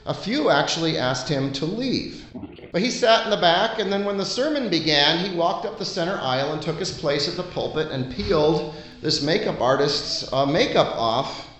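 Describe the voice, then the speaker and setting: A man's voice: a little high, animated, a bit bright, a little hiss or hum. Earnest man preaching in an echoey room. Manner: earnest, conversational preaching with frequent pauses. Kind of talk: sermon.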